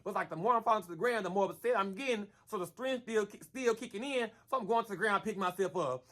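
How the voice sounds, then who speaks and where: A man telling a story in a casual storytime vlog, animated and slangy, who keeps calling the listener "girl" and acts out the punches with sound effects. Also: high-pitched, fast. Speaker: storyteller vlogger.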